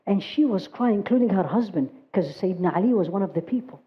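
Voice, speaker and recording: A woman giving a religious talk, telling stories with feeling and reciting Arabic verses quickly. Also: medium pitch, animated, dull audio. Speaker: religious teacher. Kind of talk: sermon storytelling.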